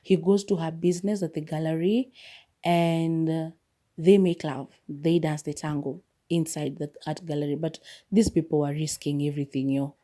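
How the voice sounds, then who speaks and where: A woman's voice: low voice, steady tone, normal speed, mellow. A woman podcast host giving a casual, chatty movie review, retelling scenes with quoted lines and lots of filler words.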